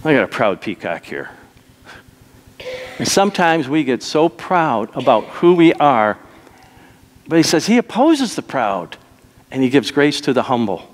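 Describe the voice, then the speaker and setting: A man's voice: mid-range voice, big pitch swings, measured pace, pauses often. A male pastor delivering an emphatic sermon, repeating key phrases and slipping into acted quotes. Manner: emphatic preaching with dramatic acted quotes and repetitions. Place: church sanctuary. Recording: long church hall reverb.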